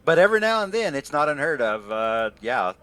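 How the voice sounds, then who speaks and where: A man's voice: fairly high pitch, very animated, brisk, a bit bright, clear, resonant tone. Laid-back rambling game master, man. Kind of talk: casual tabletop game chat.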